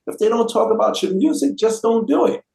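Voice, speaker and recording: A man in his fifties, appearing as a guest rapper, tells an animated anecdote packed with slang and performs the voices of the people he quotes. His voice is very high-pitched and mellow, with vocal fry and a slightly quick pace. The recording sounds roomy and echoey.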